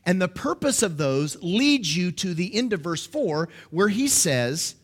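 A man's voice: sits high, sing-song, measured pace, few pauses. A man preaching a sermon, teaching emphatically and checking in with his listeners.

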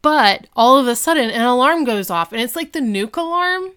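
A woman co-host recapping a sitcom episode in casual, rambling podcast chat. Her voice is bright and sharp-edged. She speaks smooth and clear, dotting her retelling with "like" and little fillers. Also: fairly high pitch, animated, moderate pace. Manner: chatty storytelling with lots of "like" and fillers.

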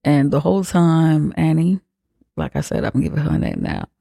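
A podcast host rambles through a horror film recap with heavy profanity and constant filler words. The voice is gravelly with a dark, mellow tone. The recording is dry and close. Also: mid-range voice, expressive, normal speed, dry recording.

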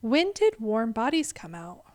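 A woman co-hosting a podcast with a slightly high voice, recorded dry and close. She chats casually and backs up her partner with frequent agreeing murmurs. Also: very animated, a little slow, no room sound. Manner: agreeable, lots of mm-hmms, laughs. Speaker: podcast co-host. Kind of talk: casual chat.

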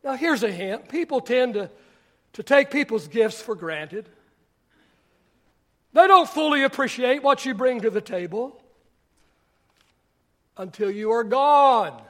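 A male pastor preaching a sermon, repeating phrases for emphasis, shouting some lines and dropping others to a near murmur. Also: very high voice, animated, takes it slowly, long pauses.

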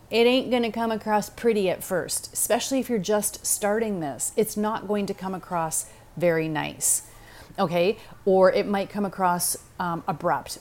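A woman's voice: on the low side, a little mellow. A middle-aged woman hosting a podcast, talking through advice in a direct, conversational way and checking in with "okay?" and "right?". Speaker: podcast host. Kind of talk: casual advice talk.

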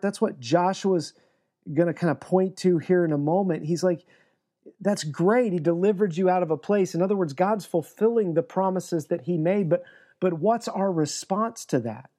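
Earnest preacher, a man with a mellow voice. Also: high-pitched. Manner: earnest, emphatic preaching with frequent restarts. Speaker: pastor. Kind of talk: sermon.

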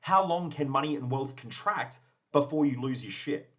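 A man's voice: mid-range voice, normal speed, a bit bright, lo-fi sound. A man hosting a motivational podcast, blunt and profane, acting out both sides of imagined conversations. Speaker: podcast host.

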